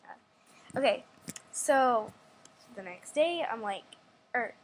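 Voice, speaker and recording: A woman's voice: on the high side, expressive, takes it slowly, rough recording. A young woman telling a rambling story at home, with many restarts and acted-out quotes. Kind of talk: casual storytime vlog.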